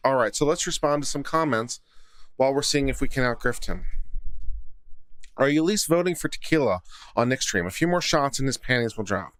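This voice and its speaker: A man's voice: mid-range voice, a bit bright, no echo. A man hosting a casual livestream, reading viewer comments aloud and answering with legal commentary. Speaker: host of a law commentary livestream. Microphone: studio condenser mic.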